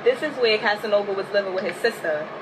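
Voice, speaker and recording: A woman's voice: mid-range voice, quick pace. A woman from the Bronx with a New York accent, giving a casual walking tour of her neighborhood in laid-back street slang and reflecting on growing up there. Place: outdoors on city streets. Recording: echoey, distant, with loud street noise.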